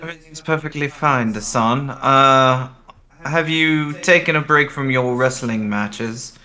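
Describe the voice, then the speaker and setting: A man voicing a cheerful female starship captain in a tabletop game, talking in a quick, breezy way. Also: mid-range voice, sharp tone, voice pushed up.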